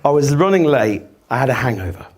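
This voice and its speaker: A man's voice: medium pitch, big pitch swings, fast. A man giving a live talk to an audience, telling stories and acting out the people in them, swearing freely. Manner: storytelling, acts out shouting people, swears freely. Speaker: speaker.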